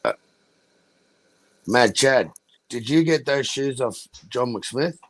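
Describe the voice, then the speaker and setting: A man hosts a podcast and banters crudely with his guests. He talks slowly with a gravelly fry, and his pitch swings widely up and down. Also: expressive, dry recording. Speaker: host. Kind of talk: casual podcast chat.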